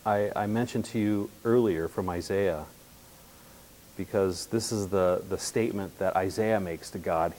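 A man preaching a sermon in an animated, emphatic way, shifting between loud bursts and hushed asides. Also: on the low side, unhurried.

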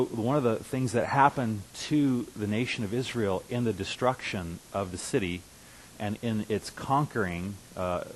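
A man's voice: lowish voice, poor audio. A man preaching a conversational sermon as pastor, who repeats and restarts words and rises to emphatic bursts. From Russia. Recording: faint hiss.

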